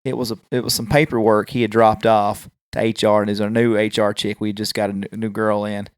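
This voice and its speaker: A man's voice: lowish voice, flat delivery, a little fast, clear, resonant tone, dry recording, clean studio sound. A man, co-hosting a podcast and telling a prank-call story in casual chat, often laughing. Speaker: podcast co-host.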